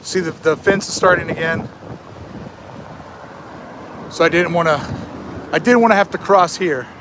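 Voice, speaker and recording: Guy streaming his walk outside, kinda high voice, jokey and self-roasting, wind noise on the phone mic. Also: moderate pace. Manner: joking, self-mocking, mock-motivational. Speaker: live streamer. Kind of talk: live-streamed walking vlog. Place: outdoors on a desert sidewalk, walking. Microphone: phone held in hand. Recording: wind and traffic noise outdoors.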